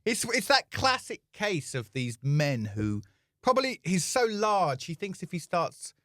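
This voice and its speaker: A bright, lively male voice with a pitch that jumps all over as he spins a funny story. He acts out the people in it in a casual podcast chat, recorded close and dry. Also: a little slow, dry recording. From England. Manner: animated, acts out voices in anecdotes. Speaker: podcast co-host.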